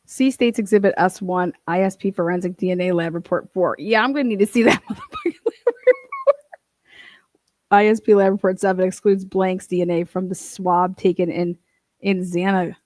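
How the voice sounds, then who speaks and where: A woman's voice: lowish voice, steady tone, fairly quick, darkish tone, dry recording. A woman hosting a casual true crime livestream, swearing freely, laughing and reading court documents aloud. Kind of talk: casual profane livestream commentary.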